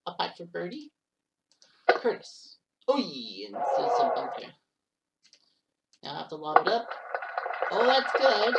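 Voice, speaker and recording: Woman, casual golf game play-by-play, low-ish voice, distant mic, loud background noise. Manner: chatty, blurts exclamations and mild swearing. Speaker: game commentator.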